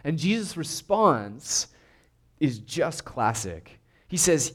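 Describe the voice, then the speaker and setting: A man's voice: a little high, very animated, slow pace, a bit bright. A man preaching a sermon in an earnest, emphatic way, often restarting and repeating words. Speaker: pastor.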